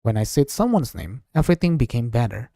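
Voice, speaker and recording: A man reads a visual novel's text aloud for his stream, taking his time over each line. His pitch swings widely as he shifts between narration and the characters. The tone is soft and mellow, and the sound is close and dry. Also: creaky, dry recording. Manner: slow, expressive reading, voicing several characters. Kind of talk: dramatic read-aloud of game text.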